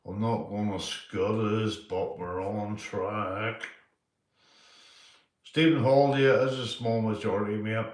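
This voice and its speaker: Northern Irish man, mid-fifties, livestream host; rambling, repetitive, sweary delivery; low-pitched; roomy, distant mic. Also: steady tone, takes it slowly. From Northern Ireland. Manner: rambling, repeats himself, swears, ends lines with mate. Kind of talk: casual live chat reading comments.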